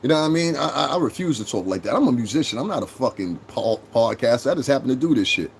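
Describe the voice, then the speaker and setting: A man's voice: medium pitch, lively intonation, quick pace, creaky, a little hiss or hum. A man with a New York accent in his thirties, hosting a casual livestream, brash and profane as he talks straight to his chat. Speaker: livestream host.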